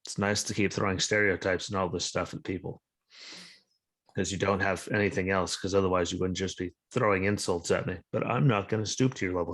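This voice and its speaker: A man's voice: sits low, steady tone, fast, a bit bright. A sleep-deprived man hosting a podcast over a video call, talking in a blunt, sarcastic, profane and rambling way. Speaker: podcast host. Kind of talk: casual political chat.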